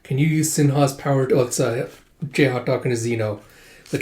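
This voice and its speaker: Guy reading manga out loud casually, mellow voice, echoey room, lots of "like". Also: mid-range voice, quick pace. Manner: animated, voices characters in bursts, many fillers. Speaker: manga reader. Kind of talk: casual manga readthrough, reading lines aloud. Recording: roomy echo.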